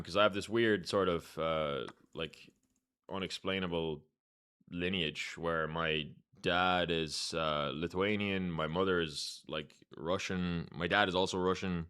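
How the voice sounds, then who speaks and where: Deep-voiced streamer, bright and clear. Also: male voice. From Ireland. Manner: laid-back, reads chat aloud, thinks out loud. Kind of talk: casual live-stream chat while playing chess.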